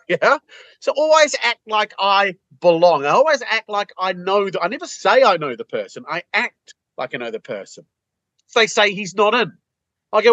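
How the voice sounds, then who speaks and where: Blunt, punchy British man, high voice. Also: expressive, brisk, fairly bright tone, no echo, lo-fi sound. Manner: blunt, punchy, acts out both sides of phone calls. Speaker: sales trainer. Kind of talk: interview answers.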